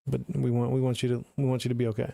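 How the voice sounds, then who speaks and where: Streaming live as a music producer, a man chats casually and answers viewers' messages by name. His medium-pitched voice is monotone and rapid-fire, with vocal fry.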